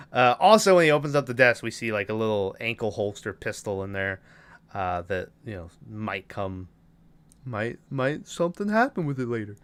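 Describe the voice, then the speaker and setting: A man's voice: medium pitch, a bit bright, clear, resonant tone. A man co-hosting a podcast, recapping a movie plot casually, swearing often and giggling. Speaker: podcast co-host.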